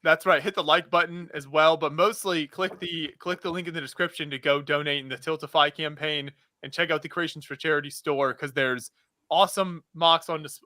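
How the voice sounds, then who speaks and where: A man's voice: on the high side, sharp tone, no echo, studio quality. A man hosting a charity livestream, upbeat and chatty as he reads out donors and incentives. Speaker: livestream host. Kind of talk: casual livestream chat.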